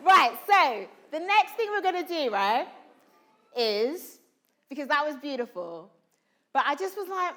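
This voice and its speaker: A woman actor runs a drama workshop in a large room before a live audience, coaching students and calling out questions to the crowd. Her voice is high-pitched and unhurried, and her manner is animated.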